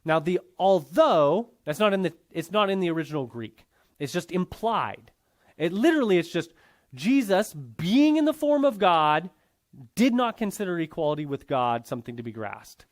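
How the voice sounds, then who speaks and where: A man's voice: fairly high pitch, very animated, brisk. A man teaching a Bible class in a conversational lecture style, often checking in with his students.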